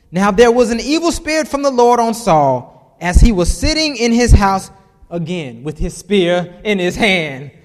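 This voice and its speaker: A man's voice: high voice, in a large hall. A man preaching a casual sermon, reading scripture aloud and adding chuckling, conversational asides.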